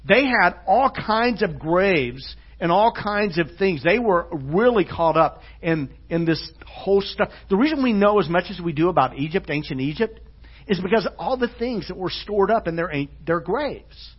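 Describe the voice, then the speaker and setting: A man preaching a sermon in a church. He is earnest, moving between hushed, soft passages and loud, emphatic ones. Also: high-pitched, expressive, moderate pace, husky. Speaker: pastor. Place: church sanctuary. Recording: dull lo-fi church recording.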